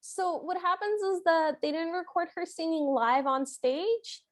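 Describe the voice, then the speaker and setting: A woman's voice: very high-pitched, unhurried. A woman co-hosting a podcast, casually discussing a film and laughing easily. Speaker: podcast co-host. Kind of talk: casual movie recap chat.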